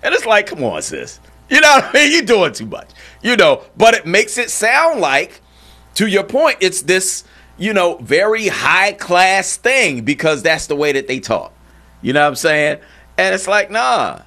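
A man hosting a talk show, chatting in an animated way and often checking in with "you know what I'm saying". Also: sits high, a little slow. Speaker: podcast host. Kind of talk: casual chat.

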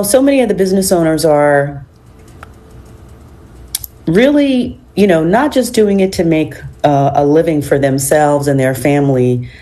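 A woman hosting a radio talk show, hoarse and raspy from a cold, talking in a measured way with many ums and uhs. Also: low-pitched, dark tone. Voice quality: raspy, froggy edge.

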